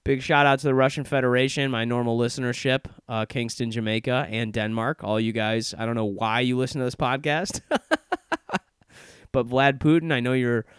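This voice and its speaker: A man's voice: mid-range voice, steady tone, a little fast, fairly bright tone, clear, resonant tone, dry recording, studio quality. A young man hosting his podcast, rambling through a casual self-deprecating intro in a sardonic tone. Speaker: podcast host. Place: office in Chicago.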